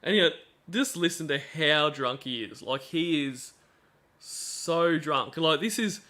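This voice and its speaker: A man's voice: a little high, lively intonation, a little slow, sharp tone. A man hosts a stream and comments on played calls in a sarcastic, chatty way with many fillers. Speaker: stream host.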